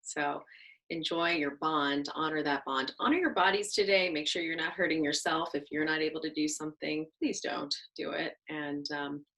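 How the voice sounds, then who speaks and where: Young woman, baby yoga teacher, soothing and bright. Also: low voice, steady tone, normal speed, rough recording. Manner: gentle, soothing, sing-song. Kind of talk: guided class instruction with singing.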